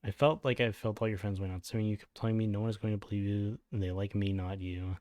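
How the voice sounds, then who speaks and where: Low-voiced man reading a statement aloud. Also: steady tone, quick pace, a little mellow, no echo. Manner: blunt, swears in his asides. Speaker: commentary YouTuber.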